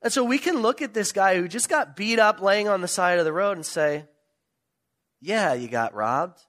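A male pastor preaching a sermon, retelling a parable with animated storytelling and emphatic questions. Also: high voice, brisk.

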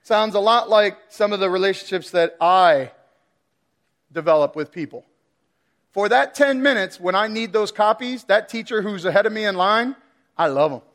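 High-voiced man preaching with a laugh. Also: expressive, normal speed, fairly bright tone. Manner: laughs often, acts out pets in put-on voices. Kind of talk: sermon.

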